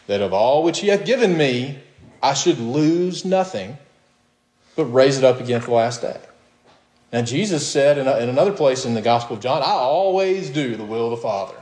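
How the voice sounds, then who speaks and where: A man preaching with emphatic, insistent delivery, and his voice jumps high whenever he asks a question. His pitch sits in the middle for a man. The sound carries a clear echo, as if he were recorded in a reverberant room. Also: darkish tone. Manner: emphatic, rising to high questions, with short laughs. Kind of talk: sermon.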